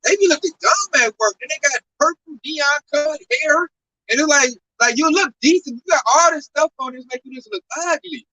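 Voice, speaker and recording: A man's voice: very high voice, a little fast, sharp tone. A man giving a casual religious talk in an emphatic, repetitive way, often tacking on "man" at the end of a phrase. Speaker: religious teacher. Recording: distant mic with faint noise.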